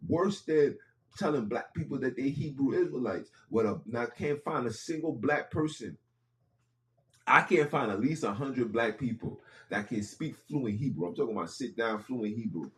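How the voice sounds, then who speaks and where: A man's voice: medium pitch, animated, moderate pace. A man hosting a podcast, speaking in an impassioned monologue with casual street phrasing and repeated lines for emphasis. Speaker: podcast host.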